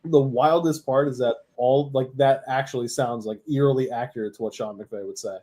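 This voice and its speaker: Chill dark-toned dude on a football podcast, reads stats, dry quips. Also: male voice, mid-range voice, steady tone, normal speed, a little hiss or hum. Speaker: sports podcast co-host. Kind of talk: casual sports chat.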